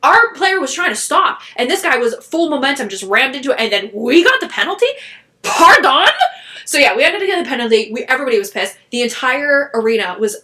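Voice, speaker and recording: Woman podcast co-host, excitable rambler, bright tone. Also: high voice, fast talker, hardly any pauses. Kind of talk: casual chat.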